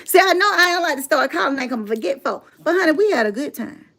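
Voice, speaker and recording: This channel host and motivational speaker, a middle-aged woman, talks casually on a livestream in an extremely high, creaky, fairly bright voice. She's very animated and fairly quick with few pauses, sassy and emphatic, laughing often and repeating herself for effect.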